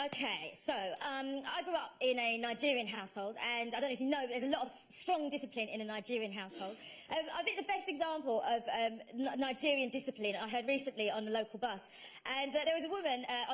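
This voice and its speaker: A woman comic tells a stand-up story in a quick, bright, high voice. She talks in a chatty way with hesitant fillers. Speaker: comedian.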